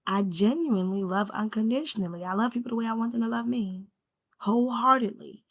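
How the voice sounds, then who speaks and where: A woman's voice: fairly high pitch, brisk. A woman talking to the camera about her healing journey. She speaks from the heart in a reflective way, asks herself questions and keeps checking in with "right?". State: emotional, near tears at times. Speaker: spiritual vlogger. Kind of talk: reflective personal talk to camera.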